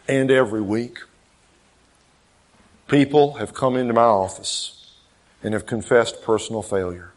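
A male pastor preaching a sermon, swinging between loud emphatic peaks and quiet low asides, acting out quoted dialogue. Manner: acts out quoted dialogue in changed voices.

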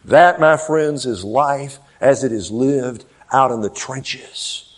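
A male pastor preaching a sermon, swinging between loud emphatic peaks and quiet low asides, acting out quoted dialogue. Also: slow pace. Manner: acts out quoted dialogue in changed voices.

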